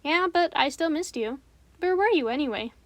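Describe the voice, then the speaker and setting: A woman doing a gentle young schoolboy. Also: high voice, lively intonation, no echo, voice pushed up. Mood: friendly. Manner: hesitant, thoughtful, slow when explaining.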